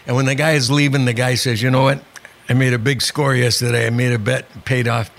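Gravelly older man spinning wry stories. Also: mid-range voice, little pitch movement, a little fast, a bit bright. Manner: anecdotal, wry, acts out quoted people. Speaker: guest, comedian. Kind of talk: storytelling interview chat.

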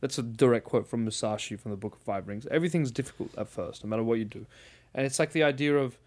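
A man's voice: medium pitch, fast talker. A man hosting a podcast, chatting casually and telling rambling stories with swearing and filler words. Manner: rambling, swearing, animated storytelling. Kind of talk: casual chat.

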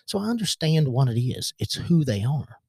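A man's voice: medium pitch, sing-song, normal speed, creaky, darkish tone, breathy edge, no echo, clean studio sound. A man with a rural American country accent, hosting a podcast monologue in a frank, rambling way with many restarts. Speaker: podcast host.

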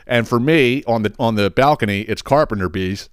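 A man hosting a podcast, telling a story in a heated, profane, animated way with lots of restarts. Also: medium pitch, normal speed, clean tone, no echo, clean studio sound. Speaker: podcast host. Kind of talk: casual storytelling monologue.

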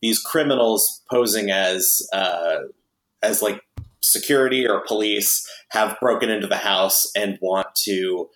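A man's voice: lowish voice, unhurried, fairly bright tone, reverberant, rough recording. A man hosting a podcast, chatting casually and wryly about a movie with lots of fillers. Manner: chatty, wry, many fillers. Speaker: podcast host.

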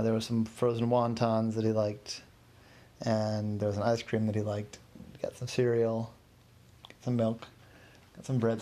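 A man's voice: medium pitch, mellow. A man telling a casual bedtime-style story in a rambling, loose way. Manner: rambling, filler-heavy.

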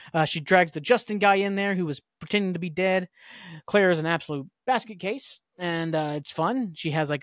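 This podcast host has a fairly high, slightly bright voice, and he meanders through a casual episode recap full of filler words and the odd swear. The sound is clean studio audio with no room tone.

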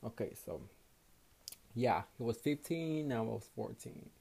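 A young male podcast host with a Mexican Spanish accent talks in a loose, rambling monologue. He is tired after a night shift, swears freely and slips back and forth between English and Spanish. His voice sits at an ordinary middle pitch for a man. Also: lively intonation, unhurried, gravelly, warm tone, husky. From Houston, Texas, USA. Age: young adult. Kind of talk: casual solo podcast monologue.

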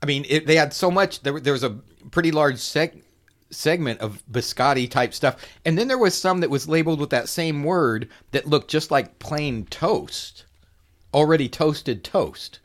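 A man's voice: on the high side, lively intonation, moderate pace. Man, podcast co-host; rambling, jokey, keeps correcting himself. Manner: rambling, joking, self-correcting. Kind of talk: casual chat.

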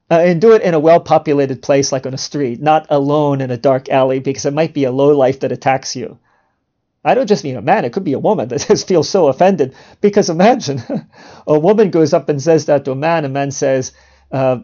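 A man's voice: a little high, a little fast, warm tone, highs cut off. A man hosting a podcast, delivering a provocative monologue in a sarcastic, mock-indignant way and chuckling at his own jokes. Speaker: podcast host.

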